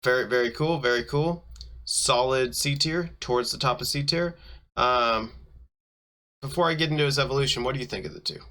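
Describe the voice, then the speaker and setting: Young male co-host, easygoing, slangy, bright forward tone. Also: medium pitch, a little fast. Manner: easygoing, laid-back slang. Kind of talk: casual chat.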